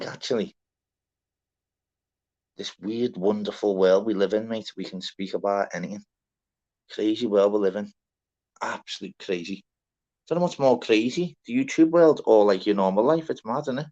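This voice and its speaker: A man's voice: fairly low pitch, a little mellow. A young Scouse man hosting a casual livestream, chatty and sweary, greeting viewers by name. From Liverpool, England. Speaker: livestream panel host. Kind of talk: casual live chat. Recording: dull lo-fi stream audio.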